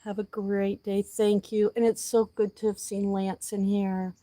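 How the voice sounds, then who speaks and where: A woman's voice: mid-range voice, flat delivery, a little slow, dry recording. Heartfelt woman vlogger chatting outdoors, dry close mic. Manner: emotional, heartfelt, talks softly to animals. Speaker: vlogger talking to a live audience. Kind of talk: casual livestream chat.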